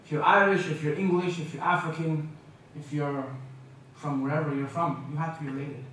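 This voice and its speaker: Male guest lecturer from Canada, lively and humorous, slightly high voice, recorded from a distance in a large echoey hall. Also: brisk, slight background noise. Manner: lively, humorous, mimics accents. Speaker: guest speaker. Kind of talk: lecture with jokes.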